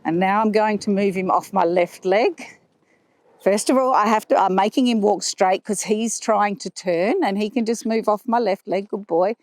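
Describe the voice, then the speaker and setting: A woman horse trainer explaining her riding aids as she rides, calm and explanatory, with soft praise for the horse in between. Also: mid-range voice, moderate pace, no room sound. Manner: talking while riding a horse. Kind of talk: instructional commentary while riding. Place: riding arena.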